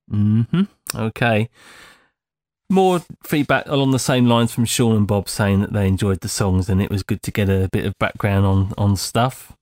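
A man's voice: medium pitch, a little mellow, dry recording, clean studio sound. A man hosting a casual podcast, reading out listener feedback in a rambling, self-deprecating way with many fillers.

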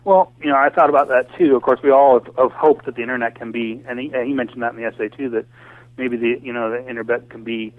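A man's voice: mid-range voice, fairly even intonation, fast, dry recording. An American man talking passionately in a casual call conversation, ranting with lots of restarts and fillers. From United States. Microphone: phone or voice call. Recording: tinny phone line, dry.

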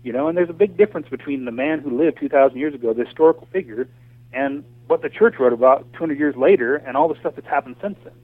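A man's voice: a little high, lively intonation, quick pace, no room sound. An American man talking passionately in a casual call conversation, ranting with lots of restarts and fillers. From United States. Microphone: phone or voice call. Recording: tinny phone line, dry.

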